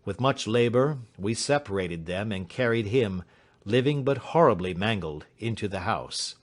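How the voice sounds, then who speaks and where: A man giving a measured, dramatic audiobook narration. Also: fairly low pitch, expressive. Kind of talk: scripted narration.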